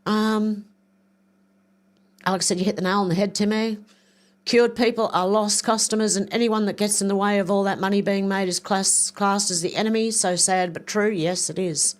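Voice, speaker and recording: A woman's voice: medium pitch, steady tone, normal speed. Chatty older woman livestreaming. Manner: rambling, chatty, thinks aloud while clicking around. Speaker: livestream host. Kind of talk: casual livestream chat reading viewer comments.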